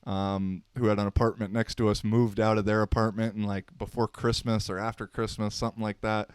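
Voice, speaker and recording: Laid-back man telling stories, smooth voice. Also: on the low side, level tone, fairly quick, no echo, clean studio sound. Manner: laid-back, slangy, rambling with fillers. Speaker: podcast host. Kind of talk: unscripted casual storytelling.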